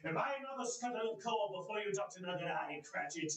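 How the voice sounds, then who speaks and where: A man playing a gruff old miser gone jovial. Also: high-pitched, animated, quick pace, fairly bright tone. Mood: mock-gruff. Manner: growling then gleeful. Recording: echoey room.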